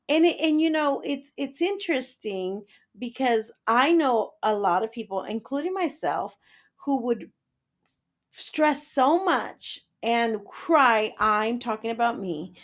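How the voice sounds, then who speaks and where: A woman in her forties hosting a solo podcast, talking in an earnest, personal way and slipping Spanish phrases into her talk. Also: on the high side. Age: 40s. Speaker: podcast host. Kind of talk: reflective solo podcast monologue.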